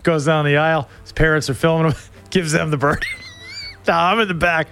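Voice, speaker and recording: A middle-aged man hosting a show, telling a comic story in an animated way and laughing through it. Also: fairly high pitch, a little fast, noisy background.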